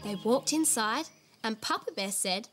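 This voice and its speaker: A woman's voice: a little high, expressive, measured pace, fairly bright tone, soft background music. A woman hosting a children's TV show, telling a fairy tale in a giggly, sing-song way. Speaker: storyteller host. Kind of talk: children's TV storytelling.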